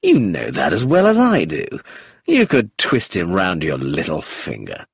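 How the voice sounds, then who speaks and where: A charming, amused rogue with a cold streak, drawling and chuckling, as a man reads him. The voice is low and husky, with pitch that swings wildly. The storybook reading is slow. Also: wildly swooping pitch, no room sound, studio quality, full character voice.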